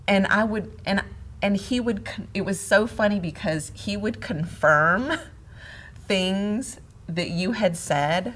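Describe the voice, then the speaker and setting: A middle-aged woman co-hosting a casual talk on marriage, telling stories in an animated way and laughing often. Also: mid-range voice, takes it slowly. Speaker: podcast co-host, wife. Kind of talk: casual conversation about marriage.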